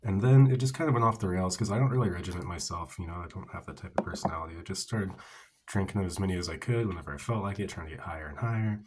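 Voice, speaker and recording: A man's voice: low voice, fast, background noise. A man vlogger telling a personal story in a candid, rambling way with lots of fillers.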